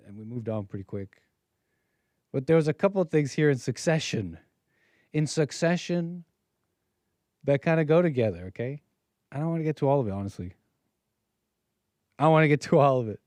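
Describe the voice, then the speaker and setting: A man's voice: on the high side, animated, normal speed, long pauses, darkish tone, dry recording. A man hosting his own live call-in stream, chatting casually with viewers and jumping from topic to topic. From United States. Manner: chatty, jumps between topics. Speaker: livestream host.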